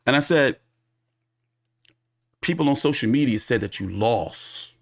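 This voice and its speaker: Animated, profane male boxing commentator. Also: mid-range voice, a little slow, vocal fry. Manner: animated, profane, acts out quoted people in his retelling. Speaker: boxing commentator and show host. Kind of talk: casual storytelling monologue.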